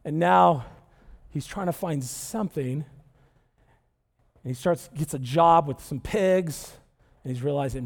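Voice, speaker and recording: A man preaching a conversational sermon to a church audience, chatty and animated, often tagging his points with a quick question to the room. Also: fairly high pitch. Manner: chatty and animated, tags lines with "right?" and "okay?". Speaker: pastor. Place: church sanctuary with live audience. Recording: long reverb of a large hall.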